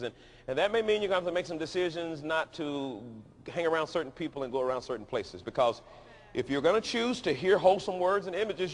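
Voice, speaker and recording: Casting: high-pitched pastor, punchy repetitions, big auditorium, faint hiss behind. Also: male voice. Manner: emphatic, repetitive, rising to shouts. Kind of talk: sermon. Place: large dome auditorium.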